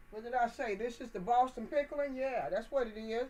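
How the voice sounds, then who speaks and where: A woman's voice: a little high, normal speed, mellow, low-quality recording. A woman hosting a gardening channel, talking viewers through potting plants indoors in a chatty, folksy, encouraging way. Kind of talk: casual how-to demonstration.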